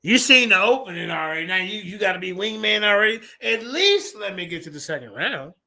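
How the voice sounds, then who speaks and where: A man giving loud, crude, taunting commentary over a video call during a debate stream. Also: high-pitched, very animated, fairly quick, creaky. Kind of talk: mocking live commentary.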